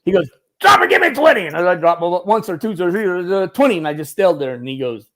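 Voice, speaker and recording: Lively, talkative man telling war-movie stories. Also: sits high, fairly quick. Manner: animated storyteller, laughs often, restarts sentences. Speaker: guest, former Marine turned film military advisor. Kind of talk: casual storytelling interview.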